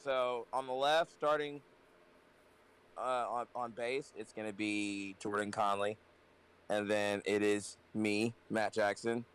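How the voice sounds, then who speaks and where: A man's voice: fairly low pitch, fairly even intonation, slow pace, a bit bright, clear, resonant tone, rough recording. A man from a rock band, guesting on a podcast, joking and swearing casually. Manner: playful, profane, jokey. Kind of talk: casual chat.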